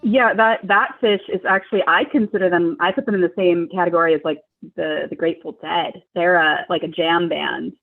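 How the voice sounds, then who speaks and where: A woman's voice: lowish voice, fairly even intonation, a little fast, vocal fry, faint music behind. A young adult woman from Long Beach, California, a guest on a podcast, chatting casually and rambling with lots of "like" and "um". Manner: rambling, hesitant, full of "like" and "um". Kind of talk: casual chat. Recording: phone-like remote call line.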